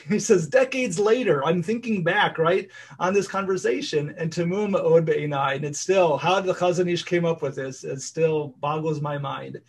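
A man's voice: fairly high pitch, moderate pace, slightly rough. A man teaching a casual study group, reading passages aloud and explaining them in plain English with frequent fillers. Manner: reads Hebrew text then explains it in English, with fillers. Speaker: Torah class teacher.

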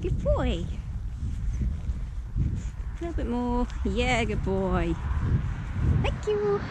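A woman's voice: on the high side, big pitch swings, takes it slowly. A woman riding in an outdoor arena and talking to her horse, praising and coaxing it with frequent laughs, recorded on a helmet camera. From Britain. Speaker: horse rider filming her ride. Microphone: helmet-mounted action camera. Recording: noisy outdoor recording, hoof sounds.

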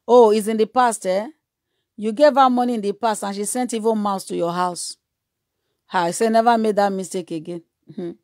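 A woman evangelist, preaching a sermon with emphatic repetition and moving into loud prayer and speaking in tongues. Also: medium pitch, fairly even intonation, normal speed, no echo, clean studio sound.

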